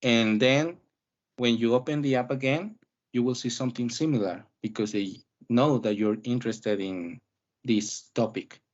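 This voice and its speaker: A man's voice: mid-range voice, normal speed. A man teaching an English listening class, asking questions and explaining step by step in an encouraging way. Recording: dull muffled audio.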